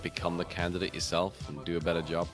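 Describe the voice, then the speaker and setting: A man's voice: low voice, fast talker, faint music behind. A man streaming a co-op game, bantering dryly and breaking into laughter. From New Zealand. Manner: dry, deadpan, laughs a lot when joking. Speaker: co-op gaming streamer. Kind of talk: casual banter over gameplay.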